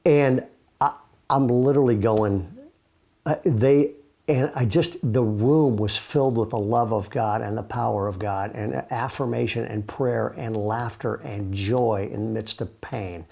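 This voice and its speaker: A man's voice: mid-range voice, measured pace, vocal fry, warm tone. A middle-aged man, a pastor, giving an earnest, conversational devotional talk from his home while seated with his knee propped up, often restarting his sentences. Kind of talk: casual devotional talk to camera.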